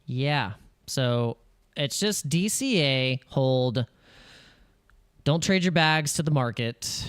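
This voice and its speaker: A man hosting a crypto channel, talking over charts in casual, excitable commentary and acting out panicky investor voices. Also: medium pitch, slow pace, pauses often, clear, resonant tone, no echo.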